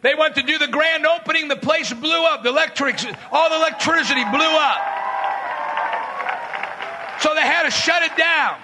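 A man preaching a fiery sermon, telling stories from his street and jail ministry and shouting his main points. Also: very high voice, moderate pace, long pauses, over a noisy crowd, very noisy. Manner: shouting bursts, dramatic retelling with voiced quotes.

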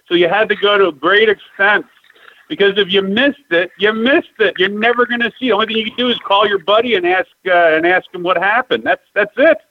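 Nostalgic higher-voiced man, dry lo-fi sound. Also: fairly quick, no echo. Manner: nostalgic, reflective reminiscing. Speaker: podcast host. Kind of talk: casual interview chat. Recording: dry, dull lo-fi audio.

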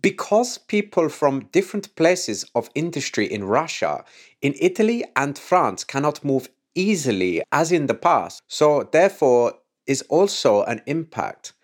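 A man doing an impression of an earnest male space agency director with a deliberately clumsy foreign accent. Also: fairly high pitch, sing-song, voice pushed up.

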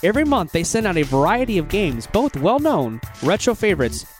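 A man's voice: high-pitched, big pitch swings, a little fast. A man doing a scripted, upbeat ad read for a podcast. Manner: upbeat promotional delivery. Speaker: podcast host reading an ad. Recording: music playing under the voice.

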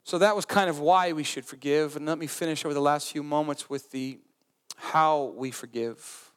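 A male pastor preaches a sermon in an earnest, conversational way, with humorous asides. His voice sits high for a man. Long reverb from the church hall trails behind him. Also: fairly even intonation, moderate pace, smooth.

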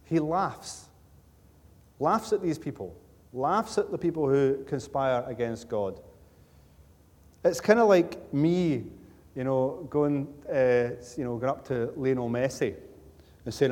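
A man's voice: mid-range voice, takes it slowly, long pauses, a little mellow. A man preaching a sermon in a conversational, joking storytelling manner, with emphatic repetition. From Scotland. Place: church sanctuary. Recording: church hall with long reverb.

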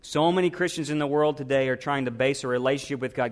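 A man's voice: medium pitch, quick pace, hardly any pauses. A man, a pastor, preaching a sermon and asking his congregation questions.

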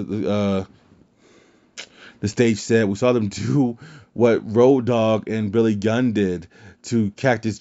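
A man's voice: lowish voice, warm tone. A man hosting a wrestling podcast in casual chat, rambling and swearing freely. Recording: dull lo-fi sound.

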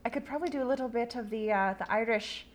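A woman's voice: fairly high pitch, quick pace, very noisy. A young woman co-hosting a podcast, chatting casually and laughing often. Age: young adult. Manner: laughs often, trails off and restarts. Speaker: podcast co-host. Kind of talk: casual chat.

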